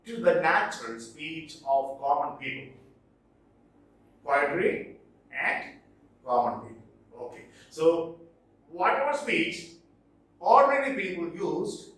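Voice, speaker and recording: A man's voice: sits high, a bit bright. A male teacher giving a lecture on poetic meter, explaining step by step, repeating words and checking in with "okay". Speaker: English literature teacher. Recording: echoey room from a distance.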